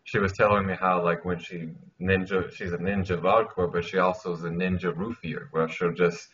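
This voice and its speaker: A man co-hosting a podcast, making dark deadpan jokes in casual banter. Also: low-pitched, moderate pace. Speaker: podcast co-host. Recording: distant, muffled lo-fi podcast audio.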